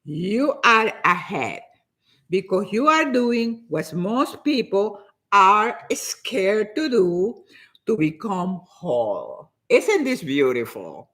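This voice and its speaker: Lively, animated older woman preaching motivation. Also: medium pitch, slow pace. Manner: animated and preachy, repeats herself for emphasis; acts out other people's nagging voices. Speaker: motivational speaker. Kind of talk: motivational talk.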